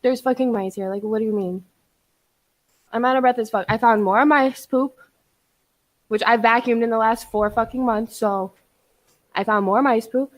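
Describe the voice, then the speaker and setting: A young woman with a high, bright-toned voice chatting on a podcast. She is excitable and jumpy, and she swears freely throughout the casual back-and-forth. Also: normal speed. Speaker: podcast co-host.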